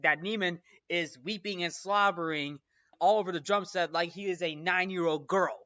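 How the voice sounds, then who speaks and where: A man's voice: sits high, pushed and bright, clear, resonant tone, highs cut off. Rambling man recapping a film. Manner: rambling, repeats "literally", many restarts. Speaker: film review host.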